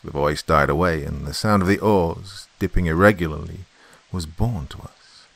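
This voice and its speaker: A man hosting a horror podcast, reading a classic tale in a measured, suspenseful way. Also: low voice, creaky, dry recording. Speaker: horror story podcast host. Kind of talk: dramatic story reading.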